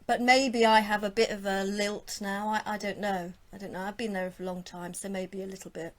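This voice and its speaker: A woman's voice: medium pitch, level tone, brisk. Chatty English woman guest. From Essex area, England. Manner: chatty, enthusiastic, often trailing off. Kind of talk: casual live-stream chat.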